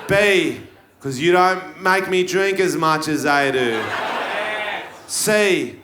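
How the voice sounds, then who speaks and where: A man doing a stand-up routine in a quiz-show style, bursting into shouted punchlines. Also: a little high, lively intonation, slow pace, background noise. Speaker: stand-up comedian. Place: live comedy venue. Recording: roomy live venue with crowd. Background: audience laughter.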